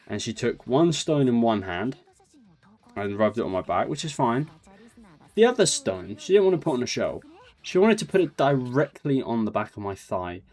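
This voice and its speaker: A man's voice: fairly low pitch, darkish tone. A young man casually telling a funny holiday story, laughing and mocking himself along the way. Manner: chatty, laughs through his story, self-mocking. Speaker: storyteller vlogger.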